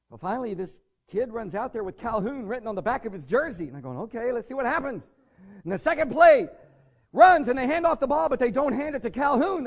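High lively guy preaching, jokey storytelling, kinda muffled lo-fi recording. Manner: animated storytelling with self-deprecating humor. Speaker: pastor. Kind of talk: sermon. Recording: dull lo-fi sermon recording.

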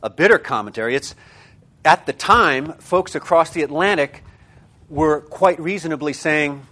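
A man's voice: a little high, moderate pace, pushed and bright. A man lecturing a class of teachers, thinking aloud with many fillers and restarts and landing key terms with punchy stress. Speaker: seminar lecturer.

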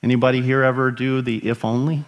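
A man's voice: mid-range voice, little pitch movement, quick pace. A middle-aged man preaching a sermon as pastor, emphatic, with rhetorical questions and rising emphasis on key phrases.

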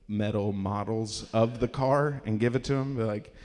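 A man's voice: lowish voice, moderate pace, darkish tone, big-room sound. A man doing a live stand-up set, telling a rambling story full of fillers and laughing at his own jokes. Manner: rambling storyteller, filler-heavy, cracks himself up. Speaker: stand-up comedian. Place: live comedy showcase venue.

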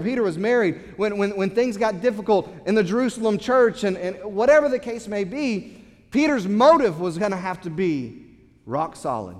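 A pastor preaching a sermon to his congregation in a church, earnest and repeating words as he builds his point. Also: sits high. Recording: long hall reverb.

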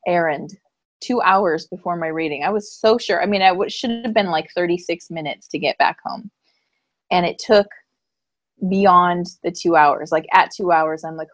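A woman co-hosting a live-streamed chat, telling a personal story in an animated way and laughing often. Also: fairly low pitch, no echo, muffled recording. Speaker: podcast co-host and psychic reader.

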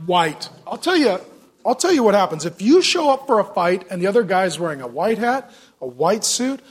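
A male preacher with a high voice that swings widely up and down. He delivers a sermon in an animated, joking way and keeps throwing questions at his listeners. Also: normal speed, slightly rough. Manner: lively, joking preacher who asks the audience questions. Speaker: pastor.

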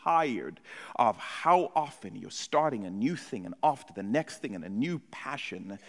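Slow, impassioned preacher in a hall. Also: male voice. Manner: swings from hushed, low delivery to loud, impassioned preaching. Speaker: pastor. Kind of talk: sermon.

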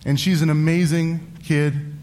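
A man in his thirties preaching a sermon as pastor, earnest, with restarts and quick wry asides. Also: fairly high pitch, little pitch movement, mellow, slight background noise. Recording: church hall reverb.

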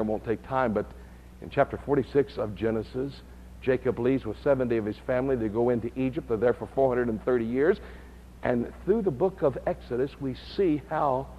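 A man teaching a Bible study lesson, who builds to loud, high-pitched emphasis. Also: muffled recording, a little hiss or hum.

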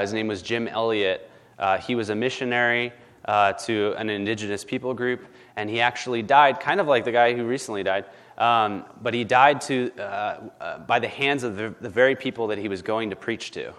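Chatty pastor, emphatic and rambling. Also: male voice, lowish voice, moderate pace, fairly bright tone. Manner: chatty and emphatic, often asking "right?"; lots of ums and false starts. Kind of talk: conversational sermon.

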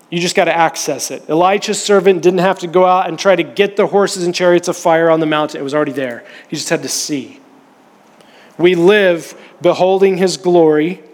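High-voiced man preaching in a hall. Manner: storytelling, conversational preaching. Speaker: pastor. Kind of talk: sermon. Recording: long reverb of a church hall.

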